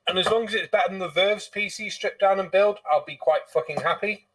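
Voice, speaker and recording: A man's voice: high voice, fairly quick, recorded from a distance. A man hosting a casual live stream, chatty and jokey, swearing freely, a few pints in. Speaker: streamer host.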